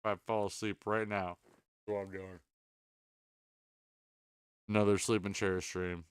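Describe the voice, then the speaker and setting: A man's voice: fairly low pitch, level tone, measured pace, clear, resonant tone, dry recording. A tired man hosting a casual late-night podcast chat, rambling, swearing and stammering as he apologizes. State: exhausted, sleepy. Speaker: podcast host.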